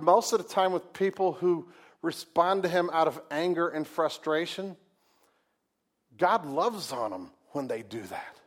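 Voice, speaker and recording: A man preaching a sermon as pastor, in a conversational, folksy way with humorous asides and rhetorical questions to the congregation. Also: fairly high pitch.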